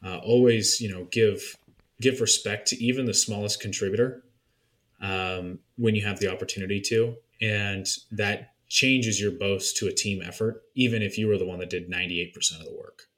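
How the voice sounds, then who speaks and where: Low-voiced candid man, podcast guest. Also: moderate pace. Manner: relaxed, candid, frequent fillers. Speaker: podcast guest, marketing consultant. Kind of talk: casual podcast conversation.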